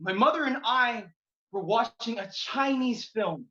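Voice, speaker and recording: A man's voice: extremely high pitch, lively intonation, a little slow, pushed and bright. A man performing a spoken word poem at a poetry slam, with a rhythmic, emphatic delivery. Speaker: slam poet. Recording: dull, echoey venue recording.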